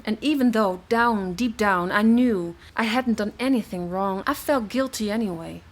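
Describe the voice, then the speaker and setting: A woman's voice: medium pitch, moderate pace. A woman recounting a past relationship in a reflective, hesitant way. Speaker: interviewee sharing her experience. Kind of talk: personal testimony.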